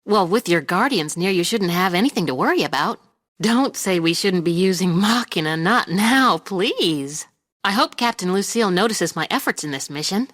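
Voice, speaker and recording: An eager soldier, dry recording. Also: female voice, fairly low pitch, lively intonation, normal speed, a bit bright, no room sound. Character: eager woman soldier hoping to impress.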